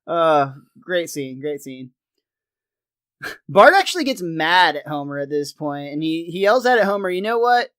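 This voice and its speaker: A man's voice: a little high, very animated, measured pace, a bit bright, clean tone, no echo. Casual male co-host, recaps with laughs, dead dry recording. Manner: chatty, laughs between lines. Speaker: podcast co-host.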